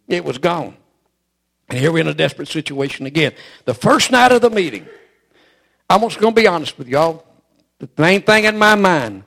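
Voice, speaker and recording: High-voiced preacher man. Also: gravelly, fairly bright tone. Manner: folksy and emphatic, with repeated phrases and frequent "amen". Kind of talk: storytelling sermon.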